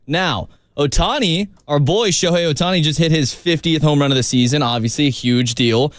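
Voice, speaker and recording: A young man reads out questions for a sports radio segment in an upbeat, casual way. His voice sits slightly high for a man. The sound is dry and close to the mic. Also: moderate pace, no room sound. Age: young adult. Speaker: show producer running a segment.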